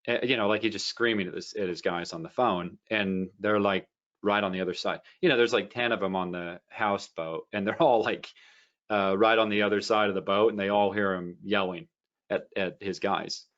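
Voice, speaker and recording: A man's voice: lowish voice, steady tone, moderate pace, a bit bright, highs cut off. A man giving a casual trading lesson, rambling through stories with many fillers and restarts. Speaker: trading educator. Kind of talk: casual teaching talk.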